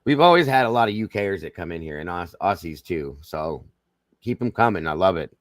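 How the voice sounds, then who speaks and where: Southern man hosting a livestream, low voice. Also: very animated, brisk, dry recording, studio quality. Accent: Southern American. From Southern United States. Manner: warm, folksy, greets viewers by name. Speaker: livestream host. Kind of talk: casual livestream greetings.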